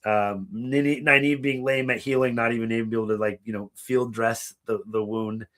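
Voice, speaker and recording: A man co-hosting a podcast, chatting casually and profanely, laughing and dropping quick impressions. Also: medium pitch, steady tone, fairly bright tone. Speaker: podcast co-host. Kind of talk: casual chat.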